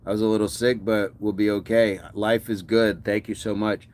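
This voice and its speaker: A man's voice: fairly low pitch, level tone, moderate pace, darkish tone. A man hosting a fitness livestream, chatting casually and answering viewer comments with encouragement.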